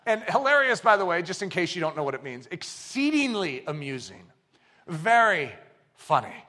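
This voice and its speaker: A man preaching a sermon, swinging from hushed asides to shouted exclamations and acting out quoted voices. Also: high-pitched, normal speed. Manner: animated, shifts between hushed and shouting. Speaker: pastor.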